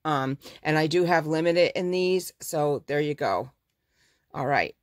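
A woman's voice: sits low, a little slow, no echo, studio quality. A woman who owns a fabric shop, chatting through a casual live showcase of her fabrics. She gushes over the prints and corrects herself mid-sentence.

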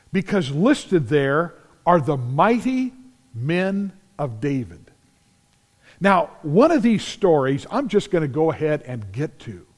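Animated preacher in a reverberant church. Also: male voice, fairly high pitch. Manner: animated storytelling, acts out scenes, shouts at climaxes. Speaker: pastor. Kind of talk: sermon. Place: large church sanctuary.

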